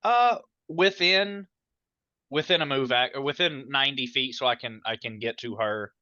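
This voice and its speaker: A man playing a tabletop game who talks hesitantly, filling his sentences with "like" and restarts. His voice has a bright, forward edge. The recording sounds dry and muffled, as if from a lo-fi mic. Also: medium pitch, fairly quick, no echo. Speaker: player. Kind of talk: casual tabletop game chat.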